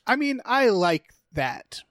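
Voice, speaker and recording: A man's voice: very high voice, very animated, slow, a bit bright, no room sound, clean studio sound. A man co-hosting a casual podcast chat with easygoing, agreeable comments.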